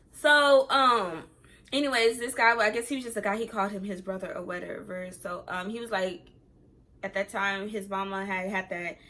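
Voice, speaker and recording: A young adult woman telling a casual, rambling storytime, acting out the things people said. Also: medium pitch. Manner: rambling, animated retelling that acts out quoted dialogue. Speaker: vlogger.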